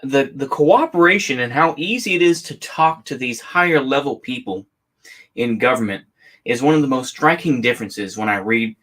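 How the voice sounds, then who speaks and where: A man reading a memoir aloud in a relaxed, halting way, pausing to fix his misreadings and add casual asides. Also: medium pitch. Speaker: audiobook reader.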